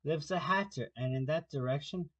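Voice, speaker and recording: A grinning, teasing cat from a storybook that answers everything with sly, matter-of-fact riddles. A man performs it while narrating. The voice sits fairly high and unhurried. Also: fairly bright tone.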